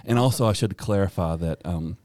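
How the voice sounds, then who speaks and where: A man's voice: low voice, a little fast, darkish tone, no echo. A man with a rural American accent co-hosting a casual podcast chat, rambling with fillers and chuckles. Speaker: podcast co-host, teacher.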